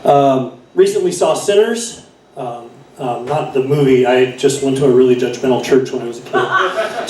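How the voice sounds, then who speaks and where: A man's voice: medium pitch, darkish tone. Rambling man doing stand-up in an echoey bar. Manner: rambling with fillers and self-corrections. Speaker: stand-up comedian. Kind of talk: stand-up set. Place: bar stage. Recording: echoey room from far off.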